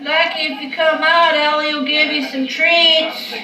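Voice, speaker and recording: Loopy, medicated woman, high voice, very slow drawn-out delivery, noisy home camera audio. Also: little pitch movement, a crowd in the background. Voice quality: slow, drawn-out, slightly slurred talk. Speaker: vlogger. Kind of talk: casual home video. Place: home living room at night. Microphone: handheld camera.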